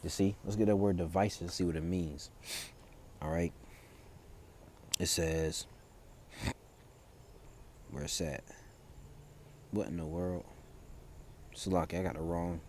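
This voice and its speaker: A man preaching in an informal style, reading scripture and news aloud and then explaining it in loose, halting speech full of fillers and restarts. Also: low-pitched, fairly even intonation, darkish tone, a little hiss or hum. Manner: reads verses aloud, then explains them.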